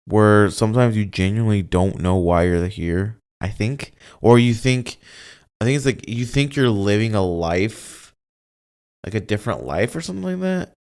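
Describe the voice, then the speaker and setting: A man's voice: lowish voice, lively intonation, moderate pace, darkish tone, clear, resonant tone. A man hosting his own show alone, rambling and searching for words, a little emotional with a slightly off voice. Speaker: podcast host. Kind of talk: casual solo monologue.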